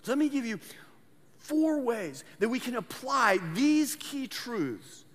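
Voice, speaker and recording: A man's voice: extremely high pitch, big pitch swings, slow pace, a bit bright. A man preaching a sermon as pastor, earnest, often repeating words as he restarts his phrases. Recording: long hall reverb.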